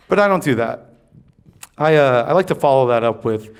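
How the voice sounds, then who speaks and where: A man's voice: medium pitch, animated, a little fast, clear, resonant tone. A male comic on a club stage with a dry conversational delivery. He teases the audience between bits. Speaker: stand-up comic. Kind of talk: stand-up set.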